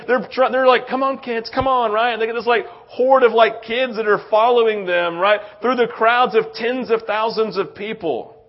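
Guy preaching in church, chatty storytelling, keeps saying right, kinda high pitched. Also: normal speed, few pauses. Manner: animated storytelling, frequent "right?" asides. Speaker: pastor. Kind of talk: conversational sermon. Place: church sanctuary. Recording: muffled lo-fi sound.

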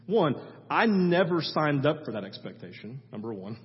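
A man's voice: a little high, very animated, moderate pace. A male pastor preaching a conversational sermon, telling stories with frequent asides to the congregation. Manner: storytelling, conversational with audience asides. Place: church sanctuary. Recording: muffled sound with long church reverb.

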